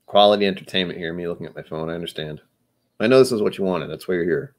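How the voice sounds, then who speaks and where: Low-voiced male livestream host, a few whiskeys in, loose and self-deprecating. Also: quick pace. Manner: loose, self-mocking, jokey asides. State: a bit tipsy from whiskey. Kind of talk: casual rambling livestream chat.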